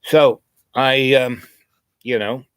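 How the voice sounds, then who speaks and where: A man's voice: medium pitch, steady tone, takes it slowly, fairly bright tone, smooth, dry recording. A man telling a meandering personal story in a casual vlog, full of "you know" asides. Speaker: spiritual vlogger.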